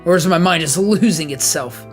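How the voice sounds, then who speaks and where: A man's voice: a little high, moderate pace, soft background music, natural voice. A man reading a game aloud and voicing a bitter, defiant young woman. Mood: despairing.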